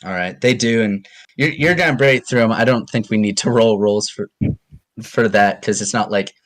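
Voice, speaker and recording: Low-voiced man running a tabletop game. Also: normal speed. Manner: relaxed, hesitant narration with many ums. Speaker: game master.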